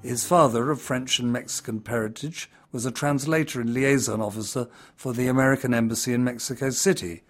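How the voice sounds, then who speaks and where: A man speaking casually, chatty and relaxed, with the odd "um" and a few restarts along the way. Soft music plays faintly behind him. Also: mid-range voice, a little fast. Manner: chatty, with fillers. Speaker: presenter. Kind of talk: casual spoken talk.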